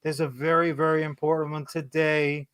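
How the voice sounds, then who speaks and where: Bright-voiced laid-back podcast co-host. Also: male voice, fairly high pitch, level tone, normal speed, clean tone. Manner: loose, swearing, playful. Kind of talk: casual podcast chat and sponsor reads.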